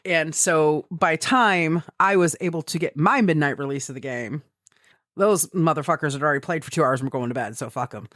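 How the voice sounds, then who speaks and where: A woman's voice: low-pitched, fairly quick, no room sound, studio quality. A woman co-hosting a podcast, telling gaming stories in casual chat, swearing freely and acting out her own quoted thoughts, from the American Midwest. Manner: swears freely, animated storytelling with quoted asides. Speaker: podcast co-host.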